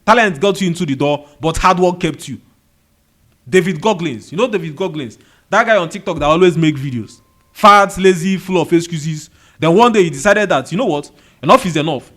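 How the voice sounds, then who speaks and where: A man with a Nigerian accent, working as a motivational video host, speaks in a voice that is a little high and a bit bright. His monologue leans on rhetorical questions and repeated key phrases, with a fan running in the indoor room.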